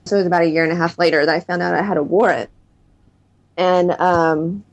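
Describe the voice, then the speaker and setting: A woman's voice: on the low side, fairly even intonation, brisk. A woman in her thirties, a guest in an interview, candidly telling her own story of recovery. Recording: dull lo-fi recording.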